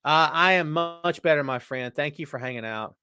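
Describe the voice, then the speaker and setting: A man hosting a live wrestling podcast, chatting casually and reading out viewer comments in an animated way. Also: fairly high pitch, normal speed, clean tone, dry recording, soft background music. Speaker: podcast host. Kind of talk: live-chat wrestling talk.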